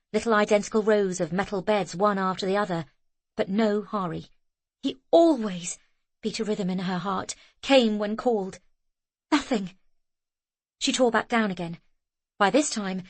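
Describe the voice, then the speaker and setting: A woman reading an audiobook novel in a steady, measured narration. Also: mid-range voice, dry recording. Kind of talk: scripted narration.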